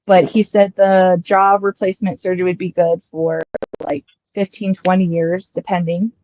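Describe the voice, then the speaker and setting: A young woman from Colorado casually telling a long personal story, rambling and quoting people in lively asides. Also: fairly low pitch, normal speed, highs cut off, a little hiss or hum. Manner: chatty, rambling, quotes others in lively asides.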